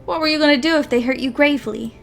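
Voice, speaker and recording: A woman's voice: high-pitched, fast, gravelly, soft background music. A woman reading a cold, stern swordsman.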